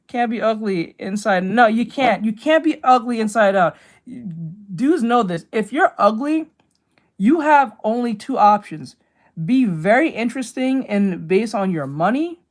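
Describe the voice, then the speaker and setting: A woman streamer talks casually as she sketches, rambling from one thought to the next. She is blunt and profane, and breaks into laughs. Her voice sits at an average pitch. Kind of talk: casual chat while drawing.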